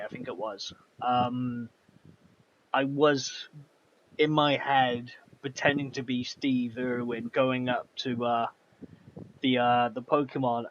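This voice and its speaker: A man's voice: mid-range voice, fairly bright tone, a little hiss or hum. A man streaming a video game, chatting casually and rambling as he reads and answers his chat. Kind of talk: casual gameplay commentary. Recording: slightly dull, faint background music.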